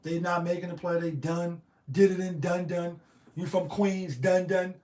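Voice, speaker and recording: A man hosting a casual solo show on betting picks, slangy and animated, firing off rhetorical questions. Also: sits high, unhurried, echoey room. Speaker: sports betting show host.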